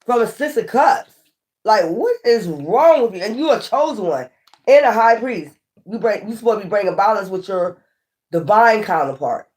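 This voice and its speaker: A woman giving a casual, animated tarot reading, often scolding and repeating herself. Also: mid-range voice, normal speed. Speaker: tarot reader.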